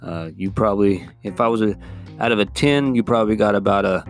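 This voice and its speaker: A man's voice: on the low side, fairly quick. A man hosts his own podcast and rants about politics in a loose, profane, rambling style. He gets heated and swears freely, with a guitar playing faintly in the background. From California. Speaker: podcast host. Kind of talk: casual political rant. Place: California.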